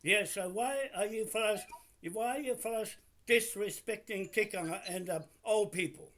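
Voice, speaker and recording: A man's voice: high-pitched, moderate pace, a bit bright. An older man from New Zealand, recording himself on camera and arguing over the phone, insistent and repeating himself as he talks over the other caller. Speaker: video poster. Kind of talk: heated phone call on camera.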